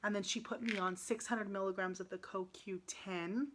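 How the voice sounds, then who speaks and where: Speaking to the camera in a casual vlog, a woman in her late thirties sounds upset and near tears. Her middle-pitched voice stays steady as she keeps restarting sentences and filling pauses with ums, with background noise behind her.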